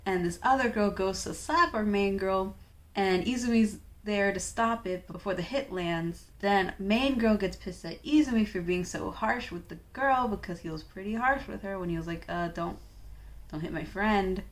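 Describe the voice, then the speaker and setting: A woman's voice: mid-range voice, normal speed. A young woman casually recapping a manga she just read. She talks in a loose, chatty way, with plenty of fillers. She drops in wry, offhand asides as she goes. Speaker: manga reviewer.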